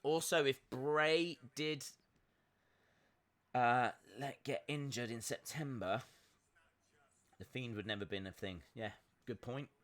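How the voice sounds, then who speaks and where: Chatty bright-voiced man reacting live. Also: medium pitch, slow, pauses often. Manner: chatty, upbeat, many fillers, reads out chat. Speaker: live-stream reaction host. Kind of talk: casual live wrestling watch-along commentary.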